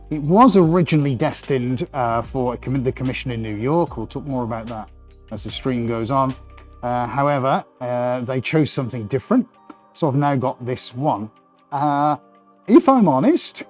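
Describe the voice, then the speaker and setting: A man's voice: mid-range voice, a little mellow. A man hosting his weekly art live stream from his studio, with chatty, upbeat showman patter. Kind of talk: casual live-stream chat.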